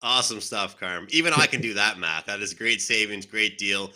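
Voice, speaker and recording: A man's voice: fairly low pitch, normal speed, pushed and bright. A man hosting a sports betting panel, upbeat, turning to each panelist by name. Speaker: show host.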